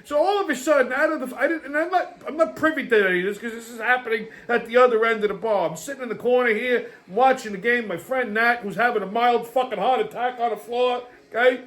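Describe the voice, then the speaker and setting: A man's voice: extremely high pitch, fast, hardly any pauses, a bit bright. A man hosting his own show, telling a story as a profane, heated rant. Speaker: host. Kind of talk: casual ranting monologue.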